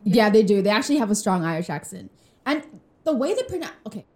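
A woman's voice: mid-range voice, big pitch swings, fast, a little mellow. Chatty young woman podcast co-host. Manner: chatty, filler-heavy, candid and laughing. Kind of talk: casual chat. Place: room with a glass wall.

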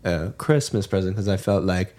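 Young guy from germany rambling on a podcast, lowish voice, lots of likes and restarts. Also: moderate pace, a little mellow. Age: young adult. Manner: rambling, many restarts and fillers. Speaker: podcast co-host. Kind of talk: casual chat.

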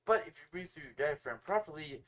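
A man's voice: on the high side, animated, quick pace, a bit bright. A man in his thirties with a stuffy nose, co-hosting a casual podcast and ranting with sarcastic, opinionated energy. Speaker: podcast co-host.

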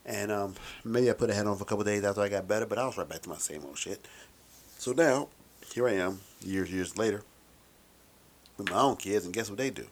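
A man's voice: fairly low pitch, brisk. A middle-aged man talking in a casual, rambling, wry monologue with some profanity.

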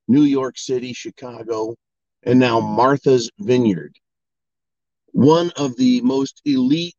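A man's voice: mid-range voice, darkish tone, no echo, dull audio. A man delivering an angry political monologue, swearing and mocking opponents in sarcastic voices. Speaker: political commentator. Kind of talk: ranting monologue.

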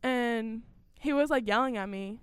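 Teenage girl telling a story, crisp and dry. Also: a little high, measured pace, dry recording. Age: teens. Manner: animated, filler-heavy retelling with quoted dialogue. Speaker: guest. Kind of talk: casual storytelling.

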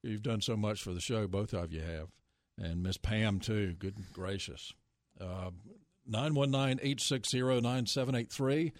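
A man's voice: on the low side, a little slow, dry recording. Male radio host, folksy, jovial banter, dry close studio mic. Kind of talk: casual radio chat. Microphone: studio microphone.

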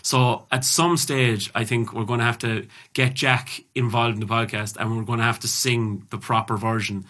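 A man's voice: medium pitch, normal speed, few pauses. An Irish man hosting a podcast, chatting casually and telling stories with plenty of swearing. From Ireland. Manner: sweary, animated storyteller. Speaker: podcast host.

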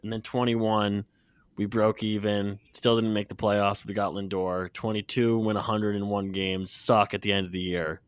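A man's voice: lowish voice, level tone, moderate pace, clean tone, dry recording. A man co-hosting a sports podcast, sounding nasal and congested, blunt and casual with some swearing. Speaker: podcast co-host.

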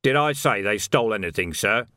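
A man's voice: medium pitch, lively intonation, moderate pace, fairly bright tone, no echo, studio quality, lightly acted. A man voicing a sly, corrupt male sergeant who sounds falsely earnest and smug.

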